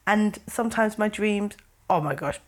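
A young woman co-hosting a casual couples' podcast, animated and laughing often as she acts out scenes. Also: mid-range voice, moderate pace. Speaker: podcast co-host.

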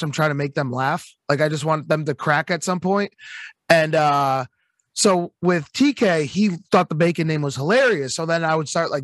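A man's voice: on the high side, a bit bright, no echo, studio quality. A man telling stories as a guest in a casual podcast chat, laid-back and joking.

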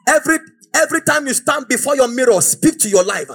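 Preacher man, real high voice that swings all over, shouts a lot. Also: animated, fast, creaky, faint music behind. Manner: fiery, exhorting, often shouting. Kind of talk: sermon.

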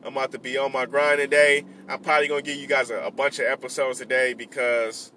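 A man's voice: mid-range voice, level tone, fast talker, sharp tone, a little hiss or hum. A man in his late twenties, talking casually and earnestly to his followers between delivery pickups, repeating himself and using street slang. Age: 20s. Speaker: vlogger giving life advice.

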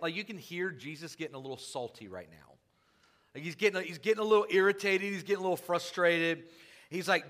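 Man, pastor, church sermon, conversational asides, animated scripture reading. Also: a little high, normal speed. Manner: animated preaching, rising loud when quoting scripture.

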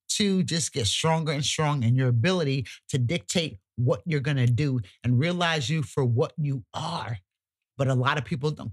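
A woman co-hosting a podcast, talking emphatically and colloquially, sometimes cussing, her pitch jumping high when she gets worked up. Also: husky. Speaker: podcast co-host. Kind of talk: casual podcast chat.

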